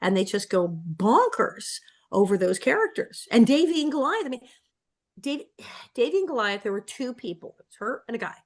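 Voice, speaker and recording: A woman in her sixties, a guest on a podcast, telling stories in a lively casual way and laughing often. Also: a little high, a little fast. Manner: animated storyteller, laughing often. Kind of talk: casual interview storytelling.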